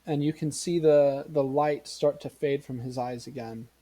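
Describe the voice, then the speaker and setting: A man running a tabletop game as game master, narrating in a measured way with fillers. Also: medium pitch, fairly even intonation, warm tone, low-quality recording.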